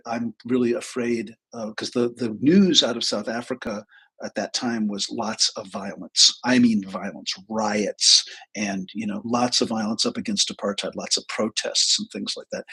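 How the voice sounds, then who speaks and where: A man's voice: lowish voice, fairly bright tone, breathy edge, rough recording. A man in his sixties hosting a live stream, telling a personal story in a candid, rambling way with restarts and the odd swear word. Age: 60s. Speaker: host.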